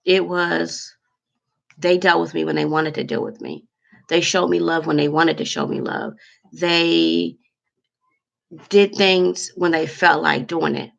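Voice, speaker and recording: A woman talking straight to camera in an emotional, halting vlog, close to tears. Her voice carries a heavy gravelly fry. She pauses often and fills gaps with ums as she searches for words. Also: deep voice, fairly even intonation, a bit bright, highs cut off. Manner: emotional, heartfelt, halting with many fillers. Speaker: vlogger. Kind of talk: candid to-camera monologue.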